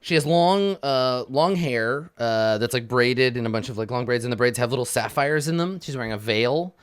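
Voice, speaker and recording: A man's voice: mid-range voice, moderate pace, clear, resonant tone, dry recording, studio quality. A man narrating as game master, describing scenes loosely with lots of fillers.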